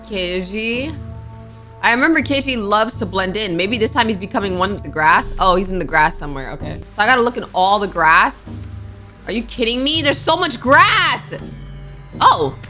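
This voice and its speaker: A woman's voice: medium pitch, lively intonation, a little fast, sharp tone, soft background music. A young woman streaming a game, chatting to herself and reading the characters' lines aloud. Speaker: gaming streamer. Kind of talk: playthrough commentary with read-aloud dialogue.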